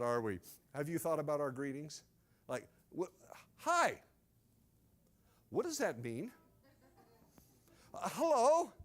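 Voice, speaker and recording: A male pastor telling a sermon as a dramatized story, animatedly acting out scenes in the first person. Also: medium pitch.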